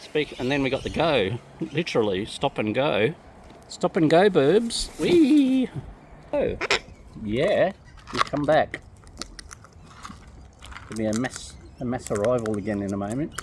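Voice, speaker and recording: A woman's voice: rumbling low, expressive, measured pace, long pauses, background noise. A woman chatting playfully to wild parrots she is feeding outdoors, coaxing them in a sing-song voice. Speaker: wildlife vlogger feeding wild birds. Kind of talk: casual talk to birds.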